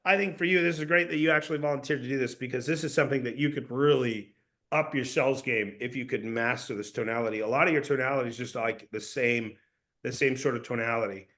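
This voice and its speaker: A man coaching a sales team in a casual, energetic way, often calling people "dude" or "bro". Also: medium pitch, quick pace. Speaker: sales trainer.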